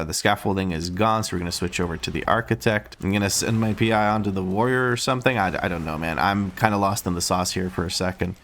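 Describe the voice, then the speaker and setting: Low-voiced man commentating a dungeon run. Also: fairly bright tone, a little hiss or hum. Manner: casual, swears, audibly frustrated and sarcastic. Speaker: streamer playing a dungeon run. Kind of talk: live gameplay commentary.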